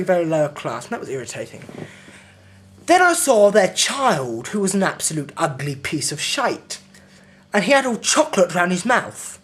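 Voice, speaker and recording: A young man airs his grievances in a video diary, sweary and thoroughly indignant. His voice is very animated and swings widely in pitch. He piles on exaggeration as he goes. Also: normal speed. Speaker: vlogger.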